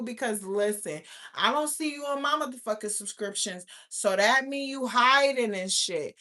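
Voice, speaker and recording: A woman's voice: a little high, expressive, normal speed, hardly any pauses, bright, forceful tone. A young adult woman hosting her own channel, talking brashly and with lots of profanity, laughing often. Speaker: YouTube host. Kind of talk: casual livestream chat.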